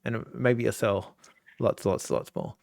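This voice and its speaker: A man's voice: fairly low pitch, fairly even intonation, unhurried, creaky, darkish tone, no room sound, clean studio sound. A man co-hosting a casual podcast who rambles with lots of restarts and likes to joke. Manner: rambling with many restarts, joking. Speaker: podcast co-host. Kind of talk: casual chat.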